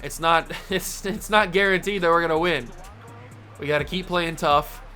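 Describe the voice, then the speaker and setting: Bright, excitable male game commentator. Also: a little high, moderate pace, soft background music. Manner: excitable, yelling in frustration at the game. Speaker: gaming channel host.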